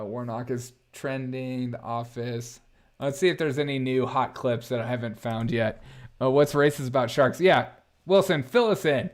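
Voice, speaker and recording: A man hosting a live-stream commentary show, reacting to headlines and chat in a sarcastic, mocking way. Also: mid-range voice. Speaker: political commentary host.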